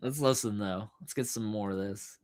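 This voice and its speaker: A man's voice: on the low side, moderate pace, a little mellow. Profane, sarcastic male livestream host. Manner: profane, sarcastic, laughs often; mocking put-on voices for imagined people. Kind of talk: casual livestream commentary.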